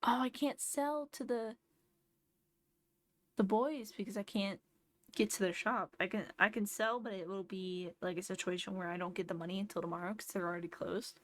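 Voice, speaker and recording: A woman's voice: medium pitch, steady tone, moderate pace, no echo. A tired woman streamer chatting casually while playing a game, thinking aloud and explaining tips. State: sleepy. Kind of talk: casual gameplay commentary.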